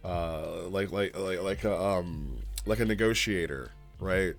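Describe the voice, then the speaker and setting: A man giving a casual, rambling spoken review of a roleplay log, halting and often checking in with "right?". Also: lowish voice, lively intonation, soft background music.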